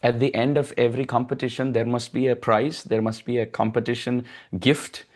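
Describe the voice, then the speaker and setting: A man giving a devotional storytelling lecture, chanting verses and acting out characters' lines. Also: brisk. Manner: animated, acts out mothers' voices in high tones, chants verses. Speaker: preacher.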